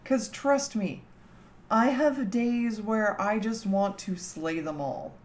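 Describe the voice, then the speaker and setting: A woman's voice: mid-range voice, takes it slowly. A young woman from Canada chatting casually with her livestream chat from home, teasing and laughing often. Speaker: streamer.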